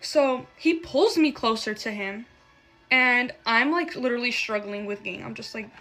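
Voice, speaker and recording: Faint music plays behind a young adult woman whose slightly high, fairly bright voice moves at a moderate pace. Doing her makeup, she tells a personal story casually and emotionally, with lots of swearing and "like" as filler.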